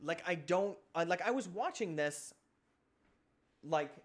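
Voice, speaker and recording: A young man streaming live, venting in a heated, exasperated rant full of rapid-fire questions. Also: sits high, animated.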